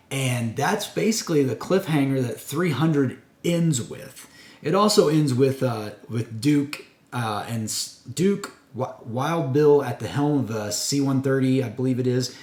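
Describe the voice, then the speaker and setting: A man's voice: medium pitch, a little mellow. A man reviewing a comic book in a casual, rambling way, with fillers and self-corrections. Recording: echoey room.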